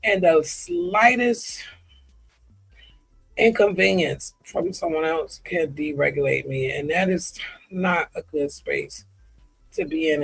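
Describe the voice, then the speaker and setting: High, gravelly, husky-voiced man vlogging. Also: low-quality recording. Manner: halting, with frequent ums and restarts; earnest and confiding. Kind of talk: candid personal vlog, reading comments aloud.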